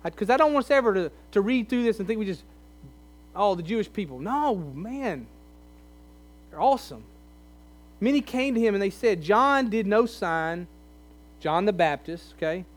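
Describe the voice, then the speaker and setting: A man with a high voice preaches, talking through the scripture like a conversation. He leans in hard on key lines, pleading with his listeners. A faint electrical hum sits under the recording. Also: expressive, moderate pace, pauses often. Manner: conversational, emphatic, pleading in places. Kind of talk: sermon.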